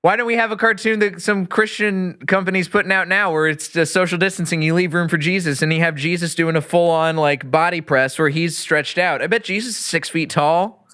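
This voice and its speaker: A Texan man hosts a casual comedy podcast, rambling through a movie recap with animated delivery and laughter. His fairly high voice is bright and forceful with a smooth, resonant tone, and he speaks fairly quickly.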